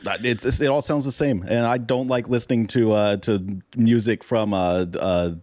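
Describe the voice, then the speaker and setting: Low-voiced blunt podcast critic. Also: male voice, normal speed, a little mellow, no room sound. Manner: blunt, hesitant restarts. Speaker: podcast co-host. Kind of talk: casual chat.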